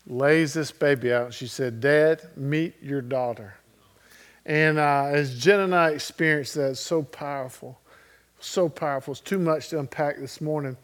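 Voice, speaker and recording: A middle-aged man preaching a sermon as a pastor, telling a story in a conversational way and often checking in with his listeners. He moves between loud and very soft delivery. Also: fairly high pitch.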